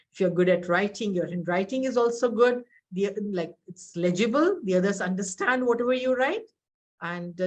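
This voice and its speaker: A middle-aged woman with an Indian accent, teaching an English exam webinar in a direct, instructive way and often asking rhetorical questions. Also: medium pitch. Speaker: IELTS trainer.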